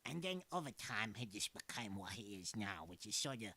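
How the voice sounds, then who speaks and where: A man's voice: on the low side, sing-song, brisk, sharp tone, full character voice. A man voicing a sleepy cartoon koala with a put-on mix of French and New Jersey accents, talking in a breezy, explaining way.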